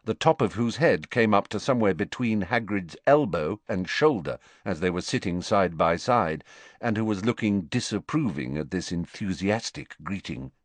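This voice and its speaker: A man narrates a novel in a low voice that rises and falls with the story. His reading is measured and expressive, recorded close and dry. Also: dry recording. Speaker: audiobook narrator. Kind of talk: scripted narration.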